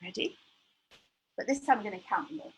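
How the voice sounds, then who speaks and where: A woman leading a lively counting lesson for young children, bubbly and encouraging, counting aloud in a sing-song way. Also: mid-range voice, a little fast, slight background noise, low-quality recording. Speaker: early years maths teacher.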